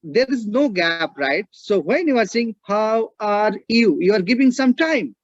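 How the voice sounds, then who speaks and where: Male lecturer, high-pitched. Keeps checking in with the class and repeats key points. Dry, muffled recording. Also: very animated, normal speed, breathy edge, no echo. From India. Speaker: English teacher and linguist. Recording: dull, dry lo-fi audio.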